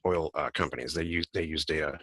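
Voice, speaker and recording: A very low-voiced man talks fast and rambles, restarting his sentences as he co-hosts a casual podcast. His tone is bright and forward, and the sound is dry and close. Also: no room sound. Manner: rambling, self-correcting. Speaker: podcast co-host.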